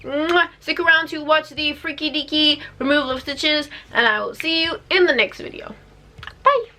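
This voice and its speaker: A young woman telling a story to camera in a chatty, animated way, acting out what people said. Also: high-pitched, normal speed. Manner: chatty, animated, acts out quotes. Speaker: vlogger.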